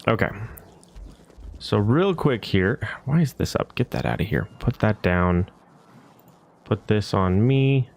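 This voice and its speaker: A man with a fairly low, creaky, slightly mellow voice speaks slowly, pausing often and swinging widely in pitch. He's streaming a building game and talking casually to himself, muttering through his plans and grumbling when bugs make things go wrong.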